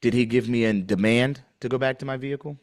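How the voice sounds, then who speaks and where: A man's voice: medium pitch, fairly even intonation, quick pace. A man questioning an officer in a deposition, pointed and pressing, repeating his questions.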